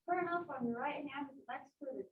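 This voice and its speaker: A woman's voice: sits high, fairly quick, natural voice. A woman reading aloud as a comic, rambling young male servant in a classroom play reading, heard from far off. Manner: reading the lines aloud plainly from the text. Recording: distant, echoey, phone-like classroom mic.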